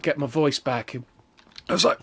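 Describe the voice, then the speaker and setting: A man streaming a game, telling a rambling story in a lively, animated way with lots of fillers. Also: medium pitch, moderate pace. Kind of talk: casual storytelling while gaming.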